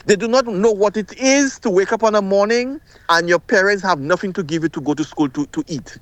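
A man's voice: high-pitched, a little fast, fairly bright tone, no room sound. A middle-aged man, calling in to a radio talk show with impassioned, emphatic speech that often repeats itself. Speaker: caller.

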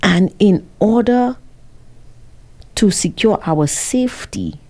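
A woman vlogger telling her viewers a dramatic story, with an animated, expressive delivery. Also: mid-range voice, takes it slowly. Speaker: vlogger working with a cameraman.

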